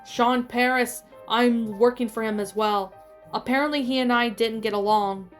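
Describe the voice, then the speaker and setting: A woman's voice: on the high side, fairly even intonation, moderate pace, soft background music, natural voice. A woman voicing a cruel gangster who growls out menacing threats.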